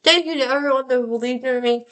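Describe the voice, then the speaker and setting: Young woman, numb mouth after surgery, rambling self-mocking vlog, fairly high voice. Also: fast, fairly bright tone, low-quality recording. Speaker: vlogger. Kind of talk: casual vlog monologue.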